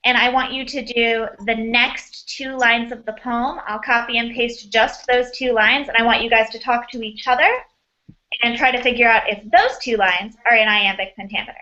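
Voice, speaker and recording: Upbeat bright-voiced woman teacher. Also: a little high, steady tone, moderate pace, highs cut off. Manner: upbeat, encouraging praise. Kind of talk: online class lesson.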